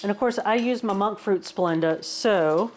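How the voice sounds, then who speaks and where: A woman's voice: medium pitch, measured pace, noisy background. A woman, rambling casually through a home cooking and fitness vlog, calling her viewers "y'all". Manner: rambling, self-deprecating, says "y'all" a lot. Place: home kitchen.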